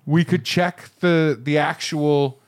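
A man's voice: a little high, fairly even intonation, slow. A man from Connecticut co-hosting a comedic podcast in casual chat, acting out little exchanges in put-on voices. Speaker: podcast co-host.

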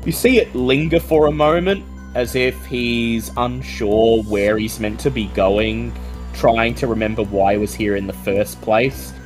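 A woman runs a tabletop horror game as game master, her voice extremely low and unhurried. She builds suspense line by line as faint music plays underneath. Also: darkish tone, poor audio. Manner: slow, suspenseful narration.

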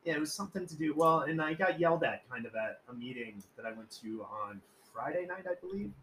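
A man's voice: fairly high pitch, expressive, quick pace, fairly bright tone, slight background noise, rough recording. A man hosting a casual podcast, telling stories in a rambling, profane, joking way and acting out quoted voices. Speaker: podcast host.

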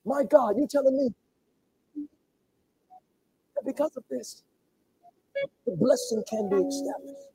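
A man preaching a sermon to his congregation, repeating phrases and swinging between loud calls and hushed asides. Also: extremely high pitch, unhurried, pauses often, slightly rough, poor audio. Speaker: pastor. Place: church sanctuary.

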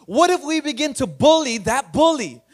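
Pastor with a high, light voice. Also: male voice, big pitch swings, normal speed. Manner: playful, laughing, acts out voices in stories. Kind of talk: sermon. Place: church online broadcast.

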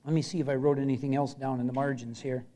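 A middle-aged man preaching a sermon as pastor, earnest, repeating short phrases and dropping from loud emphasis to a hush. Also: mid-range voice, level tone, fast.

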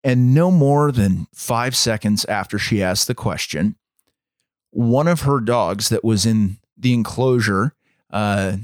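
Podcast co-host, male, low voice, measured dramatic storyteller, dry close sound. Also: no room sound. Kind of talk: storytelling in casual chat.

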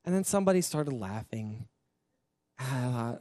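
A male pastor sharing his testimony in a sermon, telling it in a candid, self-mocking, animated way. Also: medium pitch, moderate pace, no room sound, clean studio sound.

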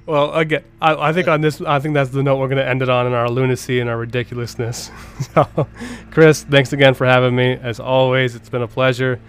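An American man hosting a casual podcast chat, animated and laughing often, with stammered restarts. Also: medium pitch, brisk, clear, resonant tone. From United States. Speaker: podcast host.

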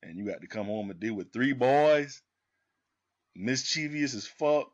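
A man telling a profane, animated story in casual podcast chat. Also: mid-range voice, unhurried, lo-fi sound. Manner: profane, animated storyteller who acts out quotes.

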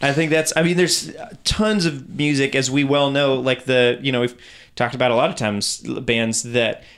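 Guy hosting a podcast, middle pitch, kinda rambly, lots of "like"s and hedging. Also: steady tone, moderate pace, a bit bright, clean tone. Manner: rambling, hedging with many fillers. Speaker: podcast host. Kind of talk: casual chat.

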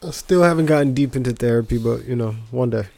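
Male co-host, gravelly voice, laid-back casual chat, dry close sound. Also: mid-range voice, fast, darkish tone, no room sound. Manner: laid-back, short agreeing replies. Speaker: podcast co-host.

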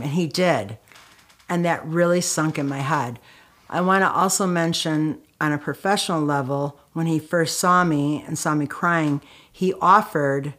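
Middle-aged woman guest, low-ish voice, candid and emotional storytelling, lots of fillers and restarts. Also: fairly even intonation, measured pace, a bit bright. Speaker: guest, author and anti-violence activist. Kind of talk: conversational storytelling.

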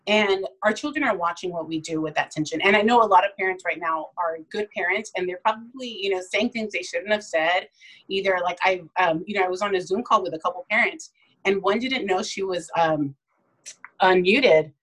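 A woman's voice: mid-range voice, fairly quick, a bit bright, rough recording. A woman chatting casually about parenting, telling stories and acting out little quoted voices along the way. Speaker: parenting guest. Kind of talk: casual podcast chat.

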